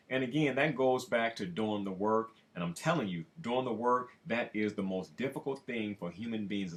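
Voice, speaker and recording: A man giving a preachy self-help monologue, with slow drawn-out phrases that rise suddenly into loud emphasis. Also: lowish voice. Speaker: spiritual self-help speaker.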